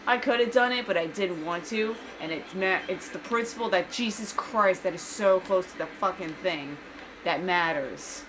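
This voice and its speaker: A woman's voice: lowish voice, normal speed, noisy background. Young woman, profane and outspoken, casual let's play commentary.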